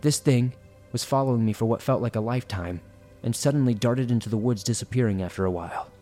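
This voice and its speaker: A man's voice: mid-range voice, fast, dark tone, soft background music. A man reading listener horror stories aloud in a suspenseful storytelling manner.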